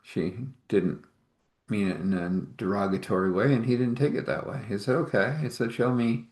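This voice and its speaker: Man narrator, lowish voice, halting improvised storytelling with acted-out dialogue, echoey room. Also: fairly even intonation, a little mellow. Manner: rambling, halting, acts out dialogue in shifting voices.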